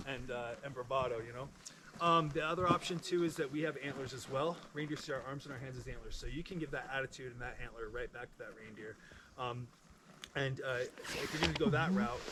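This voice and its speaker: Guy guiding a reindeer tour, playful and animated, talks quick, lots of noise around. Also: a little high, distant mic. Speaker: reindeer farm guide. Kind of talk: guided tour talk to visitors. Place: outdoors at a reindeer farm. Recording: noisy outdoor recording.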